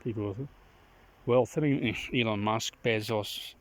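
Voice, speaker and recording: A man recording a casual outdoor vlog, rambling and opinionated, often clearing his throat. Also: fairly low pitch, unhurried. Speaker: vlogger. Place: outdoors in the countryside.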